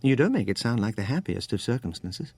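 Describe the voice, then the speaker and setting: A man voicing a smooth, inquisitive English-born art dealer in his forties, with a light English accent, in an audiobook reading. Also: mid-range voice, sing-song, brisk, darkish tone, dry recording. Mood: curious.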